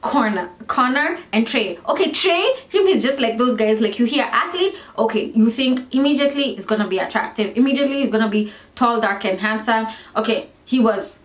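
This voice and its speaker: A young woman talks casually to her camera in a fairly high voice, rambling and correcting herself as she goes. The sound is echoey, as if she is in a bare room. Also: a little fast, few pauses. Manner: animated, rambling, self-correcting, lots of fillers. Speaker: vlogger reviewing a reality show. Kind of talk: casual chatty commentary.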